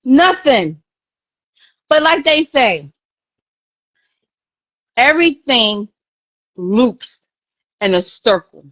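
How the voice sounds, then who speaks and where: A woman's voice: high-pitched, big pitch swings, drawn-out words, long pauses, fairly bright tone, no room sound, rough recording. A woman live-streaming a heated rant, confrontational and profane, hammering her points by repeating them.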